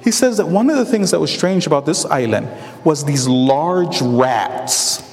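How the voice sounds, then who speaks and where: A man preaching a sermon to brothers and sisters, telling a story with animated quoted voices. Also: a little high, measured pace, big-room sound.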